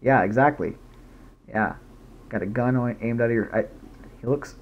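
A man's voice: medium pitch, measured pace. A young man, a gaming YouTuber, rambling goofily in casual commentary while he plays. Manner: goofy, rambling, jumps into silly voices.

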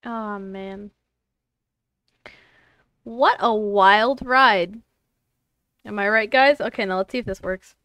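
Slow-talking young woman streamer. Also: medium pitch, sharp tone, smooth, no echo. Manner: exasperated, swearing, laughing at tech trouble. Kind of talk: casual live-stream chat.

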